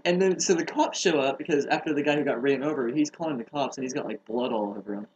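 A man in casual comedic chat, telling a story in an animated way and laughing along. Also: medium pitch, quick pace, highs cut off, a little hiss or hum. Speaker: podcast co-host.

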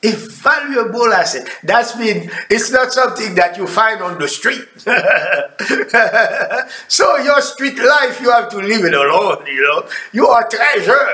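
A man preaching a sermon in a slow, deliberate delivery, his voice climbing high and swooping widely. He swings from emphatic declarations to hushed asides. The sound carries a noticeable echo. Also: lively intonation. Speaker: pastor.

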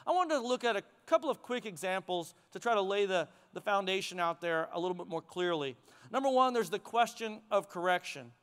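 High-voiced pastor preaching in a reverberant hall. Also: male voice, a little fast, smooth. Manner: conversational, animated preaching with chuckles. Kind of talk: sermon. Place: church sanctuary.

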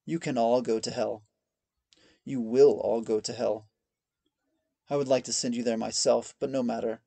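Audiobook role: man playing a stubborn old-looking gardener, level and gravelly. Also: medium pitch, normal speed, dry recording. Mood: defiant. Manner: even tone, steady. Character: defiant weathered male gardener, calm and stubborn.

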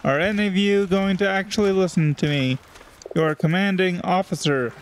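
A man's voice: high voice, fairly even intonation, moderate pace, faint music behind. A man hosting a let's play, giving sarcastic, joking commentary as he plays a video game. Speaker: gaming channel host.

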